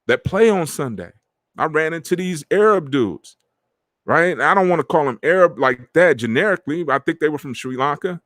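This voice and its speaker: A middle-aged man hosting a podcast, talking in animated street slang and acting out the friends he quotes. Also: a little high, no room sound, studio quality. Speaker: podcast host. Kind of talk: casual motivational talk.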